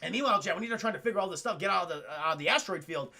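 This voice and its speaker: A young man on a stream retells a movie to his chat, rambling, animated and swearing freely. His voice is high and gravelly. The tone is bright and forward. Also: racing.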